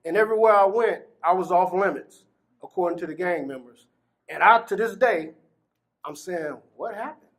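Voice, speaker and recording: A man's voice: high voice, moderate pace. A man from Gary, Indiana, giving personal testimony in an interview, acting out the dialogue he quotes and laughing between phrases. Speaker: exoneree telling his story.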